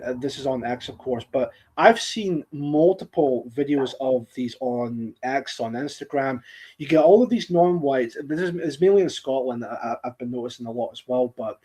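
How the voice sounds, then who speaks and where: A man's voice: mid-range voice, a little mellow. Rambling male streaming host. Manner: rambling, with frequent restarts and laughter. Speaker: host of a live-streamed talk show. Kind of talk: casual chat. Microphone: streaming setup microphone.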